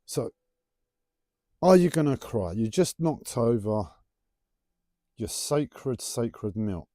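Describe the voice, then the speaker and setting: Animated man musing playfully. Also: mid-range voice, takes it slowly, pauses often, no room sound, studio quality. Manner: playful, rambling, teasing. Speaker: livestreamer. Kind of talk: casual spiritual musing monologue.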